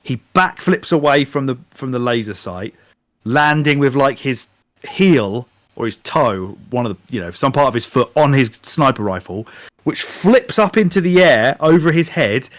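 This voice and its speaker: A man co-hosting a podcast in casual chat, animated and swearing freely while retelling things. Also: mid-range voice, moderate pace, no room sound. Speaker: podcast co-host. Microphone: podcast microphone.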